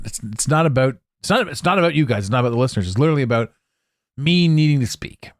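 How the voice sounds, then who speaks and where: A man hosting a solo podcast, rambling in a jokey, animated way into a close microphone. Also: lowish voice, no echo. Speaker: podcast host. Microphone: close studio mic.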